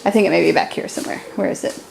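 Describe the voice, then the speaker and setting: A woman's voice: rapid-fire, a little mellow, a little hiss or hum. A young woman chatting cheerfully through a home vlog. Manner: chatty, cheerful, talks to her pets in baby talk. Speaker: vlogger. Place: home kitchen and living room.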